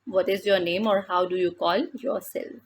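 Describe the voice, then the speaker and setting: Woman teaching French slowly, gravelly voice. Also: medium pitch, steady tone, slight background noise. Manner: slow and deliberate, repeats words in French then English. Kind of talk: explaining a textbook lesson.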